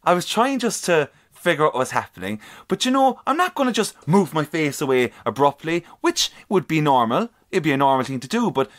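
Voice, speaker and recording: A man co-hosting a casual podcast, telling a story in an animated way and swearing freely. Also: fairly high pitch, fairly quick, hardly any pauses. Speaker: podcast co-host.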